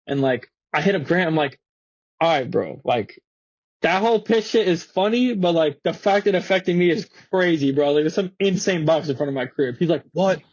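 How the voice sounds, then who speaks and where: A man's voice: fairly high pitch, moderate pace, dry recording, dull audio. A young man from Florida, an interview guest telling a story casually, full of slang and fillers. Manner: slangy, animated, swearing, many fillers.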